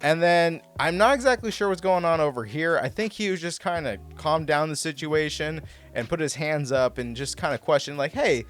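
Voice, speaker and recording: A man hosting a casual commentary over replay footage, talking in an excitable, rambling way with lots of restarts. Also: on the high side, moderate pace, faint music behind. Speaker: host breaking down baseball clips.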